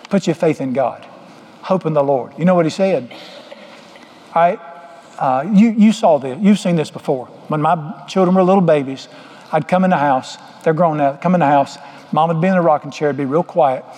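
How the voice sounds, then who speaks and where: A man's voice: fairly high pitch, moderate pace, a little mellow. A middle-aged man preaching a sermon, folksy and joking as he tells stories. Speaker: pastor. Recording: long hall reverb.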